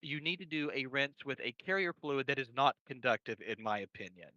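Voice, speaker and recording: A man's voice: mid-range voice, animated, a little fast, bright, forceful tone, no echo. A man explaining electronics cleaning in casual chat, rambling with frequent restarts and crude jokes, on a dull lo-fi recording. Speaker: electronics repair guest. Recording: dry, dull lo-fi sound.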